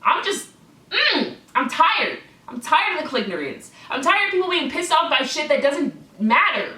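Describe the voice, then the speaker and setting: Sweary ranting woman, bright echoey voice. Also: high-pitched, sing-song, normal speed, distant mic. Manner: swaps words for cl- puns. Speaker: clown-persona vlogger. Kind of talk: ranting vlog to camera. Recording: echoey room, away from the mic.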